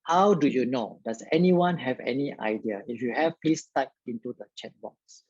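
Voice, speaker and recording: A man's voice: medium pitch, normal speed, darkish tone, slightly rough, dry recording, lo-fi sound. A man tutoring biology in a live online lesson, talking straight to his viewers and filling his speech with "okay".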